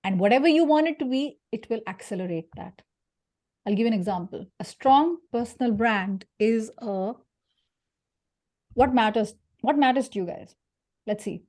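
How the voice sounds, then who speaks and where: A woman from India leading an interactive career workshop, lively and jokey, putting questions to her audience. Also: fairly high pitch, moderate pace. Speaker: career speaker.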